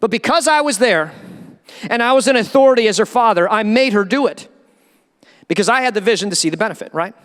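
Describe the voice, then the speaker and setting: A man who is a pastor, preaching a sermon in a church and acting out quoted voices with animated energy. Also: high-pitched, fast, in a large hall. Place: church sanctuary.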